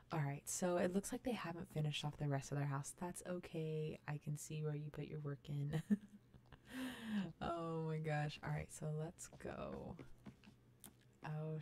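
A young woman casually commenting as she tours a video game island, gushing and gasping with excitement. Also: sits low. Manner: gushing, excited, lots of gasps and "oh my God". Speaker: gaming vlogger touring a fan-made island.

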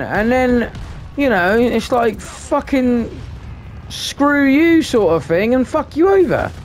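A man's voice: extremely high pitch, lively intonation, slow, a little hiss or hum. A man giving live commentary on his gameplay, ranting in frustration and swearing constantly. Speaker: gaming video creator.

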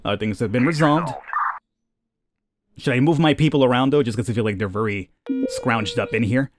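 A young man casually commentating a game, chatty and quick to laugh. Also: medium pitch, noisy background. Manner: chatty, laughs at callers, talks to units. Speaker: let's play host.

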